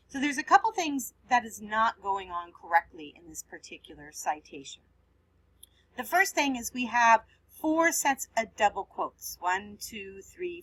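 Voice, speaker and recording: Bright, husky-voiced woman teaching writing. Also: on the high side, rough recording. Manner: patient, explains step by step while editing on screen. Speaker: writing instructor. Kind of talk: screen-recorded writing lesson.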